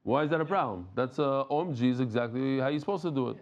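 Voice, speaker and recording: A man teaching a lively Talmud class, rambling and animated, mixing in Yiddish and Hebrew terms. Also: medium pitch, fast talker, highs cut off. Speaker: Daf Yomi teacher.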